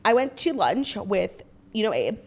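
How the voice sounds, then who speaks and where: A woman's voice: mid-range voice, very animated, measured pace. A young American woman co-hosting a podcast, telling rambling stories full of "like" in casual chat. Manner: rambling storyteller, heavy use of "like". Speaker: podcast co-host.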